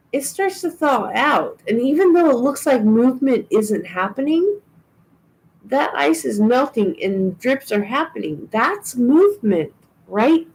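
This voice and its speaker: A woman's voice: fairly high pitch, darkish tone, low-quality recording. A woman giving a live tarot and oracle card reading, chatty and reassuring, with frequent ums and restarts. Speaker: tarot reader.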